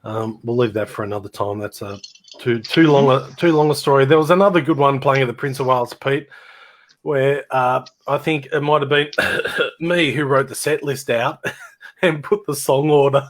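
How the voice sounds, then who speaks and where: Speaking at a moderate pace in a mid-range voice, a middle-aged Australian man chats casually, telling rambling tales of his old band while laughing and doing impressions of people.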